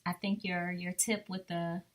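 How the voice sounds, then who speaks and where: A woman co-hosting a casual chat podcast, agreeable and quick to laugh. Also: fairly low pitch, little pitch movement. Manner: agreeable, laughs often, reads list items aloud. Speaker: podcast co-host.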